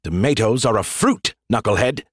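A man's voice: fairly low pitch, lively intonation, normal speed, slightly rough, no room sound, studio quality. A man voicing a smug, sarcastic male AI who talks down to people and calls them names. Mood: scolding. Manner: snarky, condescending, name-calling.

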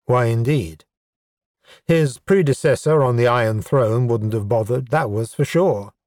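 Slow, wry male audiobook narrator. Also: medium pitch, darkish tone, dry recording, clean studio sound. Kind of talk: scripted narration.

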